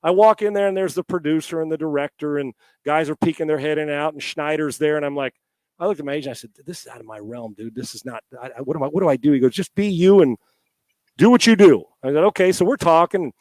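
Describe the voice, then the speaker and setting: A middle-aged man, a former quarterback, telling a long story as a podcast guest from home on a headset mic. He talks in a lively, rambling way, with many restarts and the odd swear word. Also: a little high, fast, no echo. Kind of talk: storytelling in a casual interview.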